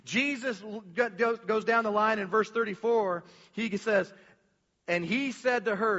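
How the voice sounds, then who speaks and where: Man, pastor, casual animated sermon, high voice, dull sound. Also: unhurried, long reverb tail. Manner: casual, animated preaching with slang and restarts.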